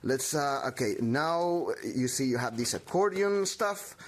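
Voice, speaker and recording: Slow, theatrical man explaining a craft. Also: mid-range voice, animated. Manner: melodramatic, talks to himself with mock anxiety; halting, many restarts. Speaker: craft tutorial maker.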